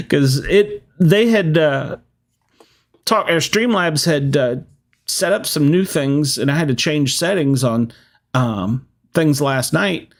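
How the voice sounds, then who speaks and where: A man's voice: a little high, slow. A man hosting a casual live-streamed podcast, rambling and laughing often between thoughts. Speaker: podcast host.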